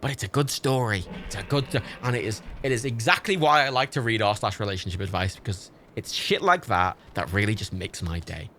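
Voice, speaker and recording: A man's voice: on the low side, fairly quick, hardly any pauses, bright, forceful tone, a little hiss or hum. A young man streaming a game, rambling through stories and swearing freely in casual chat. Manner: rambling, swearing, laughing storyteller. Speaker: livestream gamer.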